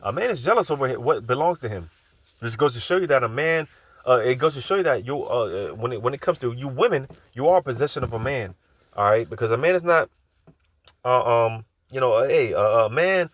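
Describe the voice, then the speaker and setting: A man giving an informal live sermon, loose and conversational, repeating phrases and filling gaps with asides. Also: medium pitch. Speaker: preacher.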